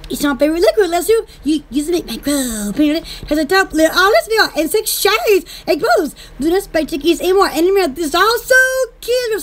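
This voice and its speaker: A woman's voice: very high voice, a bit bright, slight background noise. A woman with a Southern US accent doing casual home-shopping chat about her shop's products, rambling, giggling and exclaiming often. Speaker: small shop owner promoting products.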